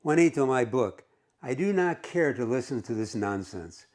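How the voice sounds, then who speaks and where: A man's voice: mid-range voice, expressive, normal speed, darkish tone, lightly acted. A proud old man who huffs and bristles whenever his dignity is challenged, with a stiff and pompous manner, as a man reading aloud puts him on. The delivery is a plain classroom reading. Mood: huffy. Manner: huffy, pompous. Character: proud, grumpy old man on a park bench.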